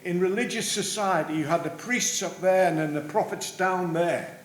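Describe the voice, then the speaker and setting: A man preaching a sermon in a church, earnest, rising for emphasis and dropping low at the ends of phrases. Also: normal speed. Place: church sanctuary. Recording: roomy church with faint hum.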